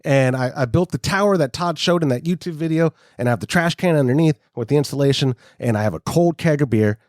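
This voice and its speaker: A man's voice: fairly high pitch, quick pace, darkish tone, no echo, studio quality. A man, co-hosting a homebrewing podcast in casual, rambling, self-mocking chat. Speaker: podcast co-host.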